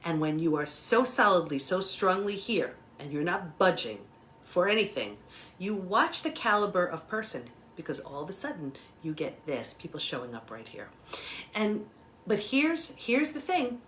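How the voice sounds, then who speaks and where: Lively, expressive woman explaining. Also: fairly low pitch, normal speed, slight background noise. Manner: gestures with her hands while explaining, lively and emphatic. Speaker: guest expert on betrayal recovery. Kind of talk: animated explanatory talk.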